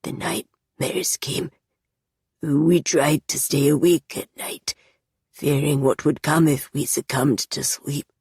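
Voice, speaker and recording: Woman voicing a tormented male captive, low, raspy, whispery, monotonous, dry close audiobook sound. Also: drawn-out words, pauses often, dry recording, full character voice. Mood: haunted. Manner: monotonous, hushed. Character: haunted young male captive, broken and tormented. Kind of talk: audiobook character voice.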